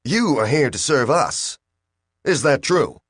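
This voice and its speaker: A man's voice: mid-range voice, sing-song, slow pace, fairly bright tone, husky, no echo, studio quality, pitched above the performer's own voice, heavily acted. A man voicing a hot-tempered male starship captain who snaps while trying to hold his temper. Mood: exasperated. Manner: snapping, barely controlling his temper.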